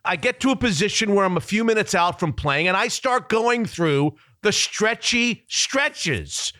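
A man hosting a sports podcast, telling a story in a casual, animated way and laughing at himself. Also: high voice, measured pace, no echo, clean studio sound. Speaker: sports radio host.

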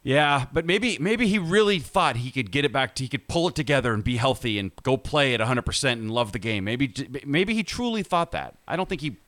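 A man co-hosting a casual sports talk show, easygoing and quick to laugh along. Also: medium pitch, lively intonation, fairly bright tone, dry recording. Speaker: sports radio co-host.

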